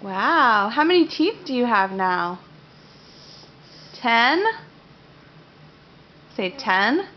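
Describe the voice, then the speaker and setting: A woman's voice: a little high, big pitch swings, very slow, pauses often, a little hiss or hum. A mother at home at breakfast, coaxing and praising her toddler in a sing-song voice. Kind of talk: home video chat with a toddler. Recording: dull lo-fi home video.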